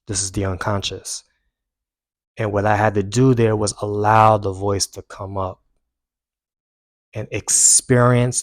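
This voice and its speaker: A young man earnestly recounting a personal story to camera, rising with emphasis and dropping quiet when he reflects. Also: on the low side, dry recording. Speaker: self-help vlogger.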